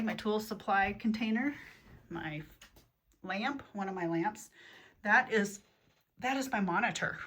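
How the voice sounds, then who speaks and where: A woman's voice: lowish voice, fairly bright tone. A woman casually giving a tour of her home craft room, rambling through lists of supplies with many fillers, a little out of breath. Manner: chatty, rambling, listing items with fillers. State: slightly out of breath. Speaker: craft vlogger.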